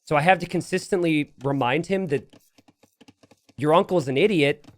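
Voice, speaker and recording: A man's voice: a little high, moderate pace. A man streaming live game commentary from his home setup, rambling into self-deprecating jokes and asides. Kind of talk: live game commentary mixed with casual chat.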